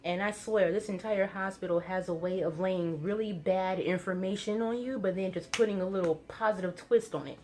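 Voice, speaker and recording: A young woman talks through a personal story in a casual vlog. She uses plenty of fillers and trails into quick, rising bursts at tense moments. Her pitch sits in the middle for a woman. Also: a little mellow. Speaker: vlogger.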